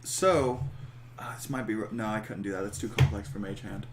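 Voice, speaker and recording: Low-voiced, hesitant man player. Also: fairly quick, noisy background. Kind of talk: playing a tabletop game. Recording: echoey room.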